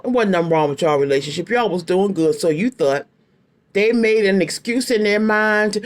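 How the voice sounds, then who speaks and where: A woman's voice: fairly low pitch, lively intonation, moderate pace. Blunt chatty woman in her fifties reading tarot. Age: 50s. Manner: blunt, chatty and emphatic, repeats phrases. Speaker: tarot card reader. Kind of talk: casual tarot reading to viewers.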